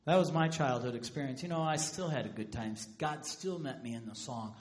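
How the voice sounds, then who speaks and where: A man preaching a sermon as a pastor, telling stories with lively humor. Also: mid-range voice, fairly quick, few pauses. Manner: animated storytelling with humor.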